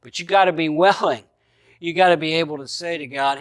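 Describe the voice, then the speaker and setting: A middle-aged male pastor preaching with a fairly high voice, telling a story and acting out his inner thoughts with animation. The sound is dry and close, with no room echo at all. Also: a little fast, smooth. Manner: animated storyteller who acts out his own thoughts, chuckling at times. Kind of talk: sermon storytelling.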